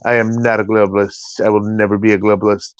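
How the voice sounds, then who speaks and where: A man's voice: on the low side, little pitch movement, quick pace, clear, resonant tone, dry recording, lightly acted. A man doing an impression of a bragging older president, repeating big declarations. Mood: boastful. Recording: dry, muffled lo-fi audio.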